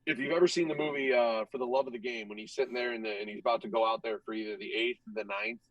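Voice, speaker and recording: A young man, a hockey goaltender guest, telling stories in a casual, animated and profane way, acting out what others said. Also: medium pitch, rapid-fire, vocal fry, no room sound, distant mic, lo-fi sound. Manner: animated, profane, acts out other people's lines. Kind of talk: casual storytelling.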